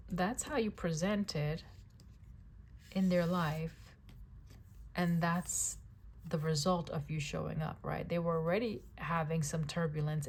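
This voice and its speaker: Gravelly-voiced woman giving a tarot reading. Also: fairly low pitch. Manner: chatty, repeats phrases, asks "right?". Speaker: tarot reader.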